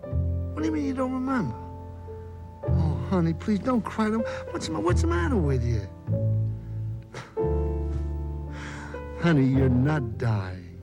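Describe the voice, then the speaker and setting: An actor playing a loud, wisecracking, self-pitying middle-aged talent agent in a 1970s television drama. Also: male voice, a little high, wildly swooping pitch, moderate pace, over loud music. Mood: regretful. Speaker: theatrical agent.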